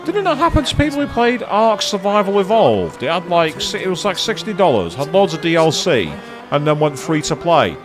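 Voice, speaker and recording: A man's voice: high-pitched, sing-song, brisk, few pauses, music in the background. A man giving casual live commentary on a video game, chatting to viewers and swearing now and then. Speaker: let's play streamer.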